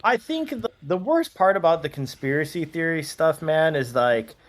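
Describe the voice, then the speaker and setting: A man chatting casually on a podcast, animated and loose, full of "dude" and "you know.". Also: fairly high pitch, normal speed. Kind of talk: casual chat.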